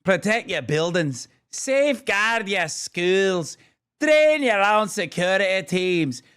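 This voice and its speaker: Man doing a high, strident woman with an exaggerated Israeli accent, slow, hectoring warnings. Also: very animated, a bit bright, clear, resonant tone, exaggerated voice. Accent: put-on Israeli accent. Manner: slow, drawn-out, emphatic proclaiming. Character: shrill, preachy woman activist, alarmist and hectoring.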